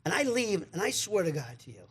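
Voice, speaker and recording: A man's voice: high-pitched, brisk, breathy edge. A man telling a long story in a studio, acting out the voices of the people in it. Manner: animated storyteller acting out quotes, repeats words. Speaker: guest. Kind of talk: storytelling chat. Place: radio studio.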